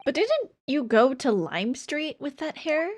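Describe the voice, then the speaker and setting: A woman's voice: high-pitched, very animated, a little slow, slight background noise, voice pushed up. A woman voicing an earnest young male law student in a polite, hesitant way while reading a game aloud.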